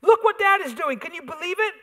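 A man doing a shrill horrified teenage girl. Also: expressive, fairly quick, pushed and bright, heavily acted. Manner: squealing, screaming outbursts. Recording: reverberant theater hall.

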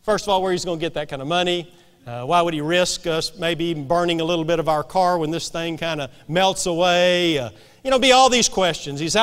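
A man's voice: on the high side, brisk, a bit bright, clean tone. A man preaching a sermon as pastor, telling stories in a folksy, emphatic way. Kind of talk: storytelling sermon. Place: church sanctuary. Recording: long reverb of a church hall.

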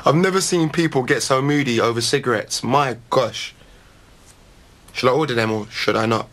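A man's voice: medium pitch, moderate pace, a bit bright. A young man chatting casually as a reality show contestant, cheeky and loose with slang. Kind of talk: casual chat.

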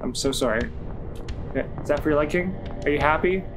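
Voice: mid-range voice, fairly quick. A let's play gamer giving frantic, swearing, self-mocking commentary while playing. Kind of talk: casual gameplay commentary. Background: game music.

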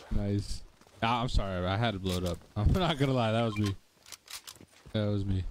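Low-voiced streamer rambling over game sound. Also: male voice, moderate pace, background noise. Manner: laid-back, rambling, joking with chat. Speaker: gaming streamer. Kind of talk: casual live-stream chat while playing.

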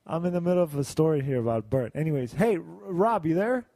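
A man hosting a podcast, telling rambling, excitable stories and swearing freely in casual chat. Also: a little high, fast, vocal fry, no echo. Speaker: podcast host. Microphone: video call setup.

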